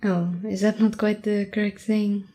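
Whispered role-play: a woman doing a playful young French tutor with a French accent, giggling softly as she teases her student. Her slow, unhurried whisper has a mellow, warm tone. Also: mid-range voice, little pitch movement, natural voice. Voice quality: soft, mostly whispered voice, giggly. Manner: gentle, teasing, chatty.

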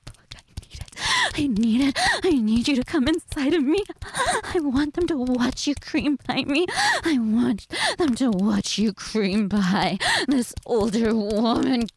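Woman for erotic audio role-play; high, breathy, moaning delivery dropping to whispers, slow and drawn out. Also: expressive, darkish tone, a little hiss or hum. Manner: breathy and moaning, swinging between whispers and cries.

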